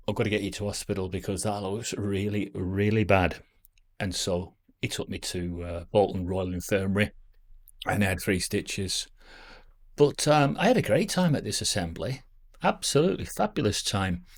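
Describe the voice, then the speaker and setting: A man, chatting to camera at home in a rambling, self-deprecating way as a vlogger. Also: lowish voice. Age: 50s. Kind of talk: casual reminiscing to camera. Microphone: camera on a stand.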